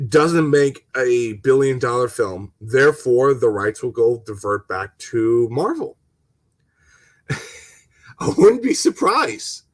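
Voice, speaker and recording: A man's voice: medium pitch, dry recording. Heated, swearing man ranting on stream. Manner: heated, swearing, stammering restarts; talks to viewers and reads chat comments. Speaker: gaming channel host. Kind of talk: casual live-stream rant.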